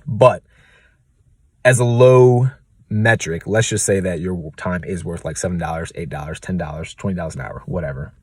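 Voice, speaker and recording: Young guy rambling on a vlog, low husky voice, dry close sound. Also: normal speed, a little mellow, no echo. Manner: rambling, loose, lots of "like" fillers. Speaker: real estate advisor vlogger. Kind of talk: casual vlog rant.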